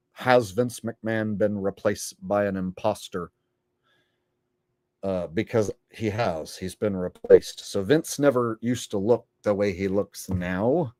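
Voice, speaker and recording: A man's voice: fairly low pitch, warm tone, dry recording, clean studio sound. A man hosting a casual commentary vlog, rambling in a sarcastic, profane way. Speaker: channel host.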